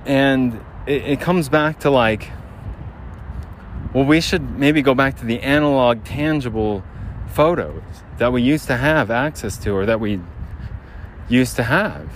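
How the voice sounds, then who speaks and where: Out of breath on a brisk walk along a city street near a generator, a podcast host with a medium-pitched voice talks casually and rambles, restarting often. Faint street and traffic noise sits in the background of the recording.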